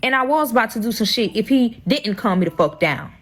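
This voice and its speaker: A woman's voice: fairly high pitch, lively intonation, brisk. A woman telling her own drama story in a heated, profane, emotional storytime vlog.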